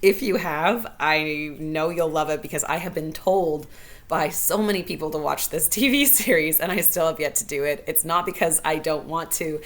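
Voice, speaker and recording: Woman with a low voice just thinking out loud on her own show, heartfelt, sincere. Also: moderate pace. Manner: earnest, heartfelt, thinking aloud. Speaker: podcast host. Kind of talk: solo reflective monologue.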